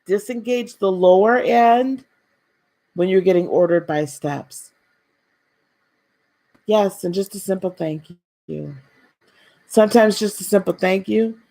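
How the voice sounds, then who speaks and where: A woman leads an inspirational spiritual talk on a live stream. Her delivery is gentle and preacherly. She repeats key phrases for emphasis and speaks warmly and directly to her viewers. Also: medium pitch, takes it slowly, pauses often. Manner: speaks directly to viewers, calls them beloved.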